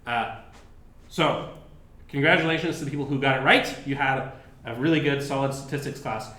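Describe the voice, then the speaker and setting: A man's voice: medium pitch, bright, forceful tone. A man who is a professor gives a university lecture in a casual, chatty way, with lots of fillers and restarts. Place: lecture hall. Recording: echoey lecture room.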